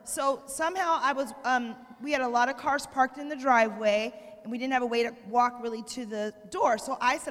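A woman's voice: sits high, normal speed, few pauses, fairly bright tone. Chatty woman laughing at herself. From Arizona, USA. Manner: chatty, self-mocking humor. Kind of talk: casual storytelling to a congregation. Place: church hall. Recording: long reverb of a church hall.

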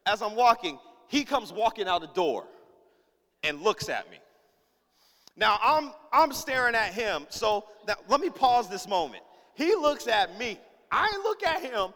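A man's voice: very high-pitched, fairly bright tone, big-room sound. A man preaching as a pastor, telling a funny story in a casual, slang-heavy way and acting out every character in it. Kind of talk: storytelling sermon.

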